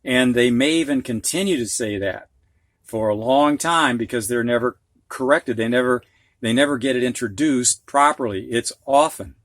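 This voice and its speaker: A man's voice: mid-range voice, moderate pace, a bit bright, no echo. A man with a Midwestern accent teaching a phonics lesson, patiently explaining words with examples and asides. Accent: Midwestern American. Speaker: reading teacher.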